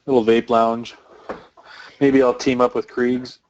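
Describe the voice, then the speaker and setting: A man's voice: medium pitch, flat delivery, measured pace, a little mellow, lo-fi sound, a little hiss or hum. A young Canadian man hosting a casual livestream chat, laid-back and chatty, often trailing off. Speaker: host.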